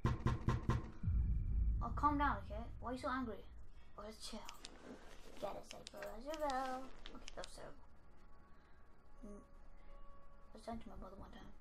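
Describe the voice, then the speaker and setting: A woman's voice: on the high side, moderate pace, gravelly, pauses often, very noisy. A woman giving let's-play commentary on a horror game, jumpy and talking to the characters on screen. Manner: jumpy, talks to game characters, frequent yelps and nervous laughs. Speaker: gamer playing a horror game. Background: game music.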